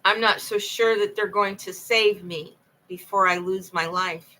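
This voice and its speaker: A woman's voice: medium pitch, fairly even intonation, unhurried, pushed and bright, low-quality recording. A woman talking alone late at night, telling her own story in an impassioned, rambling way and often repeating herself. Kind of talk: late-night monologue to camera.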